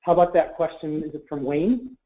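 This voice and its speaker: Representing a government marketplace, a man answers webinar questions, explaining policy carefully, hedging and using many fillers. His voice is on the high side, expressive, brisk and warm, though the webinar audio is muffled.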